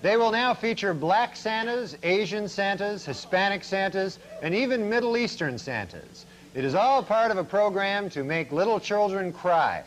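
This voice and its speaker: A man delivering a mock newscast in a deadpan manner, slowing down for punchlines. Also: sits high, low-quality recording. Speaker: comedy news anchor.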